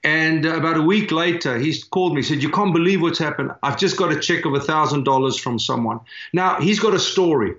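A man's voice: on the high side, fairly quick, hardly any pauses, fairly bright tone. A man in his fifties from South Africa, a church planter telling earnest, heartfelt stories as a guest in an interview. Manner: earnest, heartfelt storyteller with frequent restarts. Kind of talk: storytelling in a podcast interview. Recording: roomy, dull remote recording.

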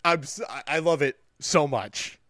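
A man's voice: a little high, a little slow, a bit bright. A young man co-hosting a podcast, recapping a movie in casual, sarcastic chat and swearing now and then. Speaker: podcast co-host.

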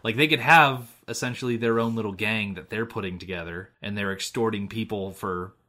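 A man's voice: fairly low pitch, a little fast, pushed and bright. An American man co-hosting a podcast, rambling in casual chat and laughing often. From United States. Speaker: podcast co-host.

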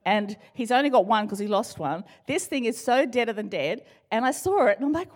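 Middle-aged woman doing a chatty jokey sermon, talks right to the crowd, voice sits a bit high. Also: expressive, a little fast, hardly any pauses. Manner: playful, joking, talks straight to the congregation. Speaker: church speaker. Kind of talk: conversational sermon.

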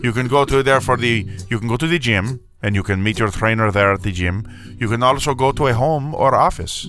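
A man's voice: mid-range voice, a little fast, fairly bright tone, soft background music, natural voice. A man putting on a flamboyant character with a mock Spanish accent, doing a comedic sponsor read and calling everyone darling. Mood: mock-glamorous. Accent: put-on Spanish.

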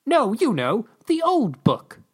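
A podcast reader voicing a fussy male alien ambassador in a high, theatrical, drawn-out voice. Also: huge pitch swings, darkish tone, breathy edge, full character voice. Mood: lecturing. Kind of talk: podcast story reading.

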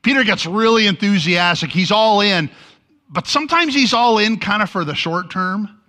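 A man preaching to a congregation, his voice bright and forward. His pitch leaps up and drops low as he tells the story, acting out each quoted line with feeling. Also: animated, normal speed. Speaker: pastor. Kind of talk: sermon.

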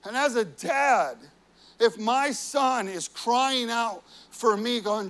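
A man's voice: very high-pitched, slow, a bit bright. A man preaching a sermon, earnest and personal, telling family stories with frequent "you know"s. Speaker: pastor.

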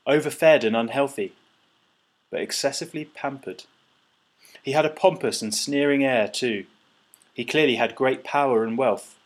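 Husky male storybook narrator. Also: mid-range voice. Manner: storytelling, voices characters. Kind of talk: audiobook narration.

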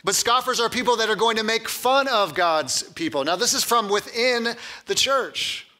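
A male pastor with a high voice delivers a sermon at a moderate pace. His style is conversational and animated, with frequent repetition of words and bits of humor worked in.

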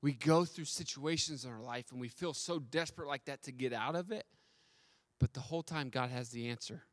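A man's voice: mid-range voice, a little fast. A man preaching a sermon, telling a story and asking his listeners direct questions. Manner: storytelling, asks the audience questions, stammers on restarts. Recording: long hall reverb.

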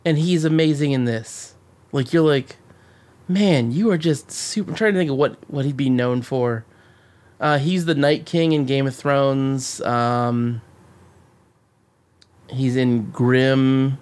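A man co-hosting a podcast, chatting casually and excitedly about a movie, swearing and rambling with many restarts. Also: mid-range voice, slow pace, clear, resonant tone. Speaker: podcast co-host.

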